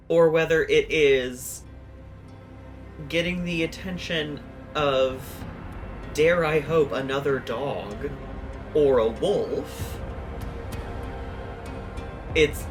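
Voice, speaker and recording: Woman, tabletop player, low voice, slow, wry, dry humor. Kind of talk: playing a tabletop game.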